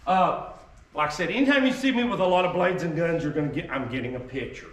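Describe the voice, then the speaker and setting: A man's voice: on the high side, animated, fast talker, slight background noise. A man giving an informal, emphatic history talk to a group as a reenactor, in a folksy, conversational manner. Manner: folksy, emphatic, drawling asides. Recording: echoey room, voice heard from a distance.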